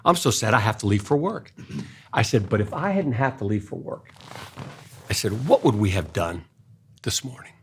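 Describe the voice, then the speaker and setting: An older man, telling an earnest personal story in a casual way, going soft and hushed when he quotes his own gentle words. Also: fairly low pitch, lively intonation, normal speed, long pauses, a little hiss or hum. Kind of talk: casual storytelling in a faith-based talk.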